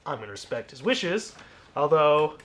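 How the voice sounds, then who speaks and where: A YouTuber casually reading fan mail aloud, soft-spoken and musing, often trailing off quietly. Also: male voice, on the high side, very animated, moderate pace.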